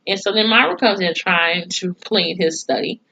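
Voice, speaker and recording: A woman's voice: mid-range voice, moderate pace, gravelly, sharp tone. A woman recapping a TV episode in a blunt, profane, casual way. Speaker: TV episode reviewer. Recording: dull lo-fi recording.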